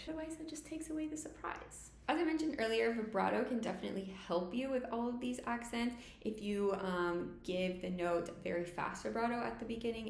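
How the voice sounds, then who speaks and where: Gravelly-voiced woman teaching violin. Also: medium pitch, roomy sound, slight background noise. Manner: clear step-by-step explaining. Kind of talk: instructional tutorial.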